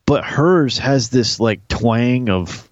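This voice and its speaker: Crude, animated man recapping a show. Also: mid-range voice, slow, no room sound, muffled recording. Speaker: podcast co-host. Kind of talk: casual TV recap chat.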